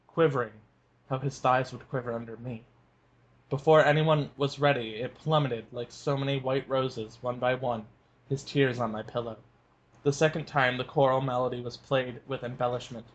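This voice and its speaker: A man's voice: mid-range voice, dull audio. Joking male fanfic review co-host. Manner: joking, laughs often. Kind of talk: casual chat and fanfic reading.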